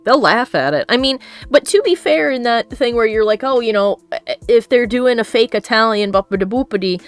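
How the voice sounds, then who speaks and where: A woman's voice: on the high side, expressive, normal speed, soft background music. Giggly American woman streamer. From United States. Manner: giggly, reads viewer messages aloud. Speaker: streamer host reading chat. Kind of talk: casual chat.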